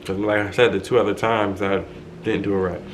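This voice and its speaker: A man's voice: on the low side, flat delivery, a little fast, slight background noise, rough recording. A young man vlogger telling a casual storytime, chatty and laughing in asides to his viewers, filmed on his own camera.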